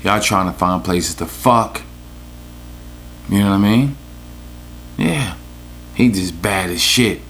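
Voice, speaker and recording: A man's voice: deep voice, expressive, slow, long pauses, a bit bright, a little hiss or hum. A man with a New York accent, hosting a podcast with a profane, rambling, joking rant. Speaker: podcast host. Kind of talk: casual comedic rant.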